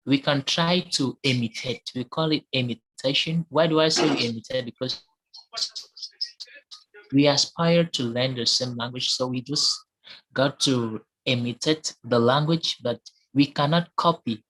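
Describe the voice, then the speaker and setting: A man's voice: mid-range voice, a bit bright, rough recording. A man giving his opinion in an online discussion, earnest and repeating his points for emphasis over a call. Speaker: discussion participant.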